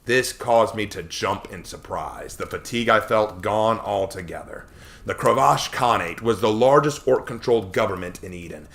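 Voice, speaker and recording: A man reading aloud a first-person story he wrote himself, in a measured, expressive narrating manner. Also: fairly low pitch. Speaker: storyteller reading his own fiction.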